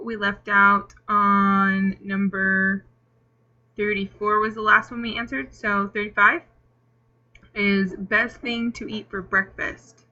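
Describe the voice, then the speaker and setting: A woman's voice: mid-range voice, bright, forceful tone, highs cut off. A young woman vlogger answering tag questions in a chatty, rambling way with lots of fillers, hiccuping now and then. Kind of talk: casual Q&A tag video.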